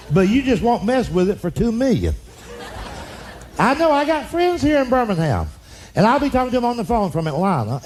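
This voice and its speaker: A man's voice: high voice, a little mellow, slight background noise. A man, an older stand-up comedian telling folksy stories on stage and acting out relatives in drawling voices. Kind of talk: storytelling stand-up. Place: comedy stage before a laughing audience.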